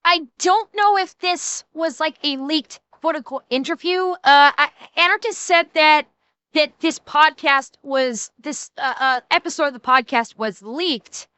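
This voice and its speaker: Woman streamer, sarcastic reactor, high and bright, dry close mic. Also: unhurried, no room sound. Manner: chatty, sarcastic, talks straight to chat. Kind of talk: casual live-stream commentary.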